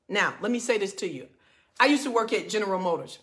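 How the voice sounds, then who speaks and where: A woman's voice: lively intonation, fast talker. A woman in her forties, a marriage coach, giving a fervent, emphatic preaching talk. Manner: fervent and emphatic, swinging from loud reading to low earnest talk.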